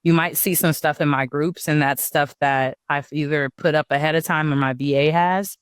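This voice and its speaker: Male coach with a higher pitch, talking loosely and conversationally to students in a dry, close recording. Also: steady tone, moderate pace, a bit bright, smooth, no echo. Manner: conversational, often asks "right?" and says "y'all". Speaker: business coach. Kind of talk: casual online teaching talk.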